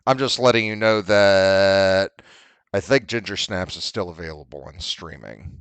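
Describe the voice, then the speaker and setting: A man's voice: low-pitched, a little slow, fairly bright tone, clean tone, no echo. A man co-hosting a casual group chat podcast, speaking in a blunt, offhand way and swearing casually. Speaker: podcast co-host.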